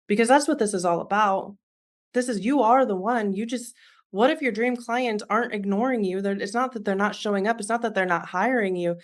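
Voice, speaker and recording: A woman's voice: mid-range voice, normal speed. A woman in her thirties giving a heartfelt, earnest business coaching talk, speaking straight to her listeners.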